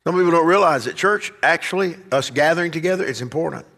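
A man's voice: on the high side, quick pace, creaky, sharp tone, in a large hall. A man preaching a sermon as pastor, swelling to emphatic peaks as he drives his points home. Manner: preaching, rising and emphatic at climaxes.

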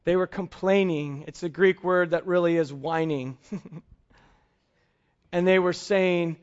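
A man preaching a sermon as a pastor, telling family stories in an animated way and slowing down to stress key points. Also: high voice, lo-fi sound. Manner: storytelling, animated, slows for emphasis.

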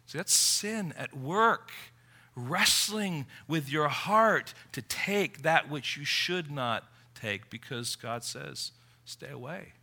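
Man, preacher, sermon, emphatic, very bright voice, slightly high. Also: expressive, takes it slowly. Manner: emphatic, swinging from quiet to forceful.

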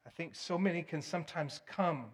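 A man's voice: on the high side, moderate pace, slightly rough. Earnest man preaching, rising and falling. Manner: earnest, emphatic, swings from loud to hushed. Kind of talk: sermon.

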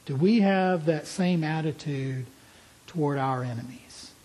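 A man's voice: a little high, measured pace, darkish tone, low-quality recording. A man preaching a sermon in an earnest, emphatic way, asking his listeners pointed questions.

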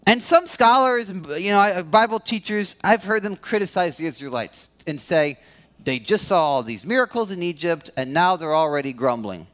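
Male pastor, high-pitched voice, animated sermon delivery. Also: normal speed. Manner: animated, acts out quoted complaints in a higher voice.

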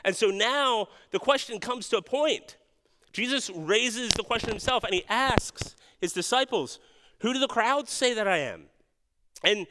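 A man's voice: high-pitched, bright, forceful tone. A man preaching a sermon as pastor, earnest and questioning, often restarting his words. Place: church sanctuary. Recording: long hall reverb.

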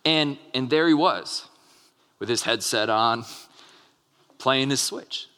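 A pastor in his thirties gives a sermon in a bright, forceful voice. He talks like he is telling a story, full of fillers and restarts. His voice carries a long reverb from a large hall. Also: mid-range voice, takes it slowly.

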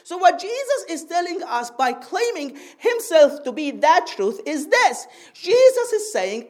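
Preaching to her congregation, a woman with a high, bright voice teaches with patience and a sing-song quality, often calling for an amen. To stress key phrases, she slows and draws them out.

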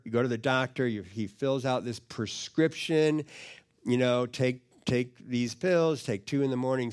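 A man's voice: mid-range voice, clean tone. A man preaching and teaching to a live audience in a conversational way, often repeating words and putting questions to the listeners. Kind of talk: teaching sermon.

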